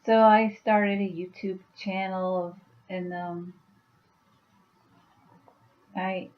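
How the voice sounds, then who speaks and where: A woman's voice: mid-range voice, fairly even intonation, drawn-out words, muffled recording. A woman chatting casually on her vlog at home, rambling with many fillers. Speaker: YouTuber and author.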